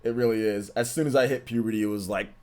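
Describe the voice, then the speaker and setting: Deep-voiced laid-back male streamer. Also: fairly even intonation, fast talker, a little mellow. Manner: laid-back, slangy, rambling. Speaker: gaming livestream host. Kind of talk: casual livestream chat.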